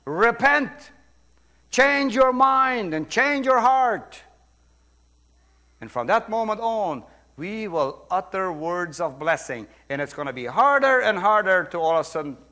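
A middle-aged man with a Brazilian Portuguese accent, a pastor preaching a sermon, emphatic, swinging between loud preaching and quiet asides. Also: high voice.

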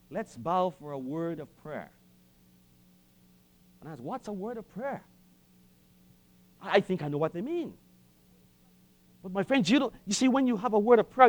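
A man preaching a sermon in an impassioned way, with dramatic pauses and repetition. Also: a little high, darkish tone.

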